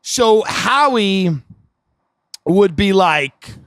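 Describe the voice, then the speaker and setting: A podcast host telling a rambling comedic story in an animated way, laughing at his own jokes. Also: sits high, extremely slow, dry recording. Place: outdoor deck.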